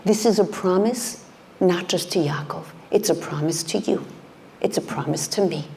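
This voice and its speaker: A middle-aged woman giving an impassioned sermon, dropping into hushed whispers to stress her points. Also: fairly low pitch, moderate pace, gravelly, slight background noise. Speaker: speaker at a community event.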